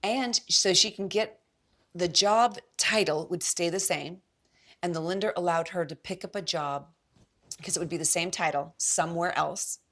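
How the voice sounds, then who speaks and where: A woman real estate agent chatting as a podcast guest, telling a story with lively acted-out quotes. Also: lowish voice, moderate pace. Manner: animated storyteller, acts out quoted voices. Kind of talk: casual podcast chat.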